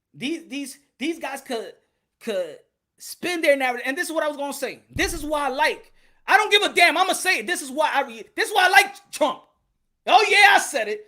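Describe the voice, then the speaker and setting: Animated high-voiced man ranting about boxing. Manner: loud, animated, laughs often, swears. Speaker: boxing commentator. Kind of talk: casual monologue.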